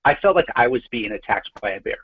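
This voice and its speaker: A man co-hosting a casual podcast, calmly explaining his picks and steering the order. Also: mid-range voice, phone-quality sound, a little hiss or hum. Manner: deliberate, explains his reasons slowly. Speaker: podcast co-host. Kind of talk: casual chat.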